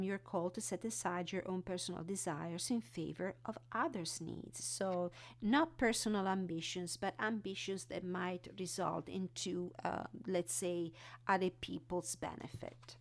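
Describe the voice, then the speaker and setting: A woman walking through an oracle card deck, reading card texts and explaining them in an unhurried way. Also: lowish voice. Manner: unhurried, reads card text then explains with fillers.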